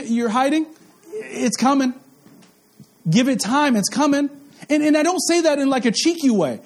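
A man's voice: very high-pitched, darkish tone. A man preaching a sermon with passion, repeating phrases and putting questions to his listeners. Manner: impassioned, repetitive, asks the crowd questions. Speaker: pastor.

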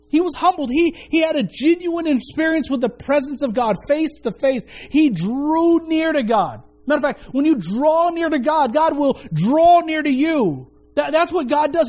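A man preaching a sermon as a pastor, animated and repeating his key phrases, often restarting words mid-sentence. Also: very high voice.

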